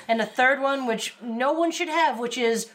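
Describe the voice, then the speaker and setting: A woman's voice: high voice, unhurried, a bit bright. A woman in casual podcast chat, teasing wryly. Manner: wry, teasing.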